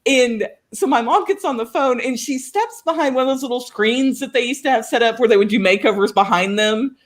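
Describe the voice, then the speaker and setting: A woman from Oklahoma co-hosting a show, telling a story in casual chat with an animated, laughing manner. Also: on the high side, a little fast. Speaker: co-host of a writing show.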